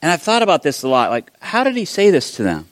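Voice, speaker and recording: A man giving a conversational sermon, telling the story in a casual, animated way with frequent restarts. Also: fairly high pitch, fast talker, no room sound. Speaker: pastor.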